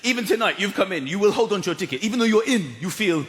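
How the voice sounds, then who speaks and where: A man's voice: sits high, expressive, fast. A man performing stand-up comedy on a large theatre stage, telling stories animatedly and acting out characters. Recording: echoey theatre with loud audience laughter.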